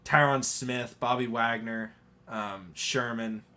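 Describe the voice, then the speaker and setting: A man's voice: mid-range voice, fairly even intonation, takes it slowly, sharp tone. A man co-hosting a live stream, chatting casually about football, rambling and hesitant with frequent laughs. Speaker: podcast co-host.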